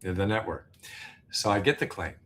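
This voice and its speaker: A man, an interview guest, telling a story in a casual, halting way, full of fillers and restarts. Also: low-pitched. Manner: animated, laughing storyteller. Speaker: interview guest, business founder.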